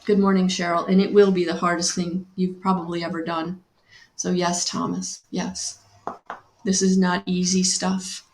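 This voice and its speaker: A woman's voice: lowish voice, flat delivery, a little mellow, slight background noise. Soothing woman in an echoey room. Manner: slow, soothing and repetitive, greets viewers by name. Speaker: spiritual guidance reader. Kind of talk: live-stream spiritual guidance talk.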